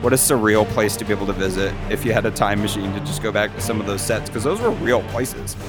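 A man's voice: fairly low pitch, quick pace, over music. A man leading a script read-through in casual chat, rambling and cutting himself off. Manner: rambling, self-interrupting.

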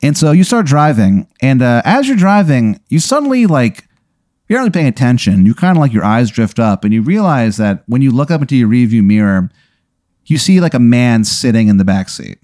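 A man's voice: mid-range voice, very animated, brisk, darkish tone, dry recording, clean studio sound. A man narrating an improvised tabletop game as game master, casual, with many fillers and swearing.

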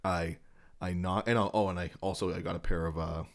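A young man co-hosting a casual podcast, telling crude anecdotes in an animated way, often laughing. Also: low-pitched, brisk. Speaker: podcast co-host. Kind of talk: casual chat, storytelling.

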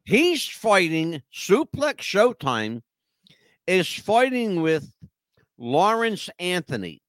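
A man's voice: high-pitched, slow, no echo, studio quality. A man co-hosting a casual podcast, telling stories in a rambling, emphatic way. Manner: animated, rambling, emphatic storyteller. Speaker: podcast co-host. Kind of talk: casual chat.

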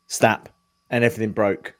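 A man talking casually on a podcast in an even, mid-pitched voice. He is easygoing and laughs readily as he swaps stories. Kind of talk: casual chat.

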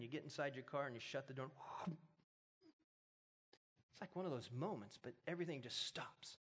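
A man's voice: medium pitch, fairly bright tone, breathy edge. A man preaching a sermon, retelling a story with humor and building to emphatic exhortation. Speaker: pastor.

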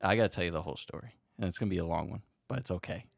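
A man co-hosting a podcast, telling a long story in an animated way and swearing freely. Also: deep voice, very fast, creaky, no echo, clean studio sound. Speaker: podcast co-host. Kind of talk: casual storytelling chat.

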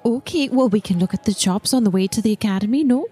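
A woman at a tabletop game reasons things out practically in a mellow, darker voice. Music plays faintly behind. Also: mid-range voice, quick pace, slightly rough. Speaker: player. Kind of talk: casual tabletop game play.

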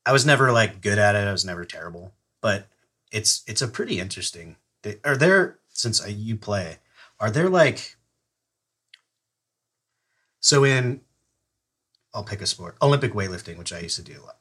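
A man's voice: on the low side, lively intonation, moderate pace, pauses often, fairly bright tone, slightly rough. A man, an army veteran and podcast guest, talking bluntly in casual chat with many restarts. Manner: blunt, swears, hesitant restarts.

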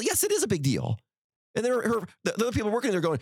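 A man's voice: sits high, huge pitch swings, rapid-fire, darkish tone, slightly rough, no echo, clean studio sound. A middle-aged man hosting a podcast, telling a story in casual conversation and acting out heated quotes. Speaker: podcast host.

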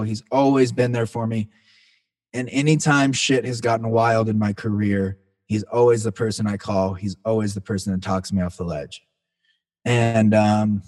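A relaxed man telling stories as a podcast guest, his voice sitting at a middle pitch. He talks loosely and casually, drops curse words freely, and keeps calling the listener "man" or "dude". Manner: laid-back, swears freely, says "man" and "dude" often. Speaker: band singer, podcast guest. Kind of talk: casual storytelling chat.

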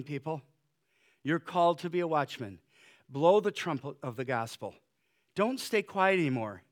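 A male pastor preaching a sermon, shifting between loud urgent exhortation and soft, quiet pleading, with conversational fillers. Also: a little high.

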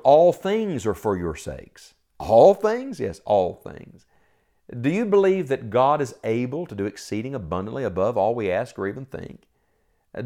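A man's voice: mid-range voice, darkish tone. A middle-aged man preaching a sermon, earnest and pleading, full of rhetorical questions.

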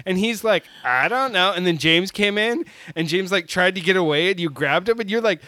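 High-voiced man, dry close sound. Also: expressive, fairly quick, pushed and bright, dry recording. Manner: easygoing, recounting an anecdote. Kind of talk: casual chat.

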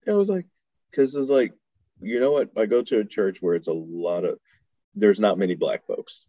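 A man's voice: fairly low pitch, normal speed, mellow, dry recording, highs cut off. A man from Houston telling stories in casual chat as a podcast guest, laughing often and acting out the voices of people he quotes. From Houston, Texas. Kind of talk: casual storytelling.

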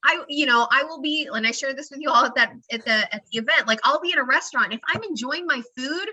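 A woman sits down for a podcast interview and talks in a bright, tense, ringing voice pitched a little high. She is chatty and animated, fills her sentences with "you know" and "like," and slips into acted-out quotes between bursts of laughter. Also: fast talker, rough recording. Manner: expressive, acts out quoted voices, laughs often. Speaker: guest, founder and emotional wellness practitioner.

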